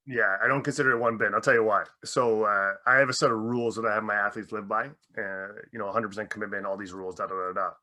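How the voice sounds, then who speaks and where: A man's voice: lowish voice, fairly even intonation, fast talker, few pauses, pushed and bright. A man working as a mindset coach for athletes, telling stories animatedly in a podcast interview and swearing freely.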